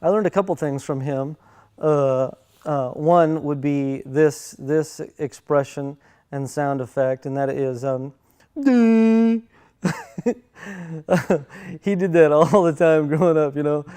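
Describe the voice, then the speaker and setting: Soft-spoken middle-aged man, smooth voice. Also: fairly high pitch, steady tone. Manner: halting, many fillers and restarts, soft-spoken. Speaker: son telling family stories. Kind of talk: casual personal storytelling.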